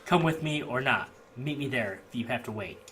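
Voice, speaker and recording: An urgent, curt woman ranger at a tabletop game, played by a man. She pushes every line forward in a bright, forceful voice at ordinary pitch. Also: animated, a little fast, a little hiss or hum.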